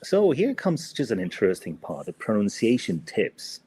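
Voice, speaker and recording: A man talks through a podcast English lesson, pausing on fillers and tacking little checks onto his sentences. His voice is husky and sits fairly low. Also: wildly swooping pitch, darkish tone. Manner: hesitant, many fillers and tag "no?". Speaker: co-host and English teacher.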